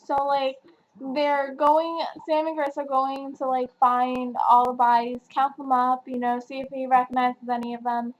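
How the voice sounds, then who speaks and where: A woman's voice: high-pitched, level tone, normal speed, muffled recording. A young woman from New Jersey reviewing a book in a casual vlog, chatty and full of fillers. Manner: chatty, filler-heavy, gushing. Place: home, at night.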